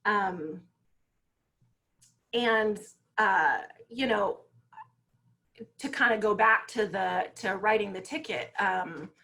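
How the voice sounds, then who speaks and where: A woman speaking as a guest on parenting, telling stories in a lively, conversational way and often checking in with "right?" over a video call. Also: mid-range voice, takes it slowly, long pauses. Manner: lively storytelling, frequent "you know" and "right?". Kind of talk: conversational talk.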